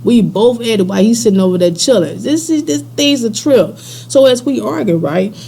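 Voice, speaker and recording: A woman's voice: on the high side, lively intonation, moderate pace, vocal fry, warm tone, slightly rough. A woman casually telling a personal story in slangy, laid-back talk, chuckling now and then.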